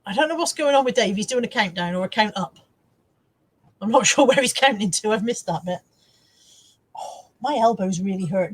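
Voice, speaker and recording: A woman's voice: on the high side, expressive, normal speed, pauses often, husky. A middle-aged woman hosting a casual live stream, chatting to viewers, laughing often and swearing freely. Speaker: live-stream host reading viewer comments.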